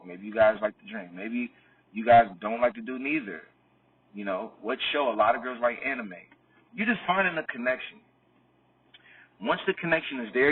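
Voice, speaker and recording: A man's voice: medium pitch, husky, recorded from a distance, narrow, tinny audio. A man coaching on dating in a loose, rambling talk, full of "you know what I mean" and acting out both sides of sample dialogues. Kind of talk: casual explanatory talk.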